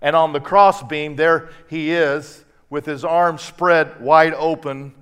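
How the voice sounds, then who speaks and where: A man's voice: on the high side, fairly even intonation, takes it slowly, fairly bright tone, clean tone. A man preaching a sermon to a congregation, building emphasis through repeated phrases. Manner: preaching with rising emphasis and repetition. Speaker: pastor.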